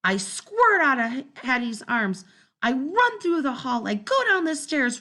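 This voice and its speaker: A woman reads a children's storybook aloud in an unhurried, dramatic way. Her voice sits fairly high and rises and falls a great deal from line to line, and she lingers over the words. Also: big pitch swings, bright, forceful tone. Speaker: storybook narrator. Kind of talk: first-person storybook read-aloud.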